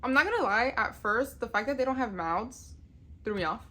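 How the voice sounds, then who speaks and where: A woman's voice: fairly high pitch, expressive, normal speed, sharp tone. A young woman chatting casually on camera as a vlogger, gushing, swearing freely and laughing often. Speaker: tarot vlogger. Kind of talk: casual chat.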